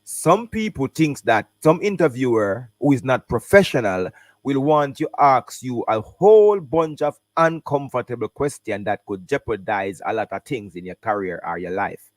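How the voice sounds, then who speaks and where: A Jamaican man hosting a casual reaction stream, talking in patois and English with animated commentary. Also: mid-range voice, moderate pace, no echo. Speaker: host reacting to an interview.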